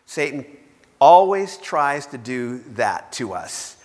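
Animated preacher man in an echoey hall. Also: mid-range voice, takes it slowly. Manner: animated storytelling, acts out quoted voices. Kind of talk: sermon.

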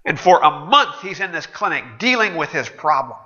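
A male pastor delivers a sermon in a relaxed, chatty, sardonic manner. His voice is fairly high and very bright. The sound is dull and carries the long reverb of a church hall. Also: moderate pace. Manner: conversational, wry and sardonic. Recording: dull echoey hall recording.

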